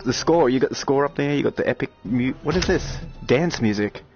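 A man giving excited live-stream commentary on a VR shooter, chatting with viewers and breaking into loud outbursts. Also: mid-range voice, fairly quick. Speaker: VR game streamer. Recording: dull lo-fi stream audio with game music and gunfire. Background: game music and gunfire.

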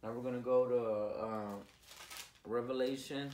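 A man preaching an informal sermon, earnest and repetitive, with his voice rising loud on key words. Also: mid-range voice, fairly even intonation, unhurried, roomy sound, a little hiss or hum.

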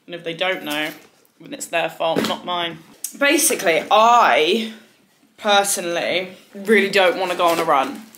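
A woman's voice: lowish voice, measured pace, slight background noise. Chatty young woman vlogging at home. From United Kingdom. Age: 20s. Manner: animated, rambling, swears freely, frequent laughs. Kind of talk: casual chatty vlog.

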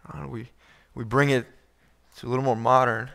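A man's voice: medium pitch, steady tone, moderate pace, gravelly, a bit bright. A male pastor preaching a conversational sermon, reading scripture and acting out the quoted speakers, with frequent restarts.

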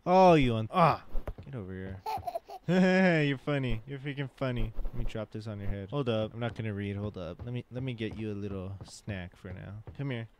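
A man hosting a gaming channel, talking casually through a horror game with loud jumpy reactions and jokes. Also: fairly low pitch, fairly quick, slight background noise.

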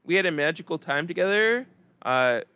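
A man performing a stand-up comedy set with a flat, deadpan, monotone delivery. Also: on the high side, normal speed, smooth, no room sound.

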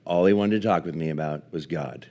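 Man, very deep voice, preacher, earnest sermon storytelling, halting delivery. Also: warm tone. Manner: earnest, halting with restarts and fillers. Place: live church service.

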